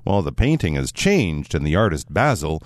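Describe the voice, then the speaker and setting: Low, lively-voiced male English teacher. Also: moderate pace, dry recording, studio quality. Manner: explanatory, animated when acting out quotes. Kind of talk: radio English lesson.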